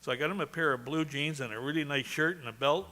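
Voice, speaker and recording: A man's voice: on the high side, fast, pushed and bright. A man from Canada giving a eulogy for his brother, telling chatty anecdotes and laughing along. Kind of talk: storytelling eulogy.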